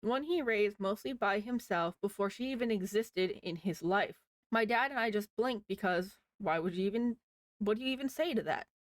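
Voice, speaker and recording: A woman's voice: medium pitch, lively intonation, moderate pace, dry recording. Woman, casual story reader, wry asides, dry recording. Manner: chatty, wry asides to the listener. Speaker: reader of online posts.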